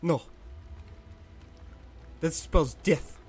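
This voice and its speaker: A man's voice: a little high, drawn-out words, a little mellow, breathy edge, dry recording, faint music behind. A man narrating his horror game playthrough with jokes, talking to the game and yelping and screaming when startled. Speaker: gameplay commentator. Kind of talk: horror game let's play commentary.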